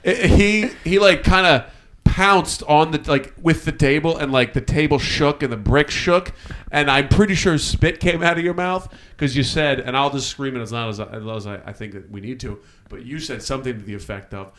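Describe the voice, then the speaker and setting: A man's voice: a little high, moderate pace, fairly bright tone, slight background noise. A man co-hosting a comedy podcast, telling a story in a casual, profane way with lots of laughter.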